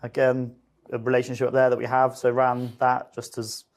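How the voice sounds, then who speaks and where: Brief: man, 30s, mid-pitched voice, relaxed and self-deprecating podcast guest. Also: moderate pace. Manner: easygoing, self-deprecating, chuckling. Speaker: guest from the company. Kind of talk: casual chat.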